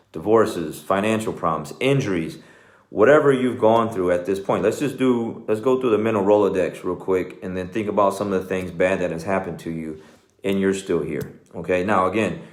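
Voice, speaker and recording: A man's voice: low-pitched, roomy sound. A middle-aged man with a Texan accent, a jiu-jitsu coach giving an earnest, conversational motivational talk. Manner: earnest, conversational, says "man" and "okay" often.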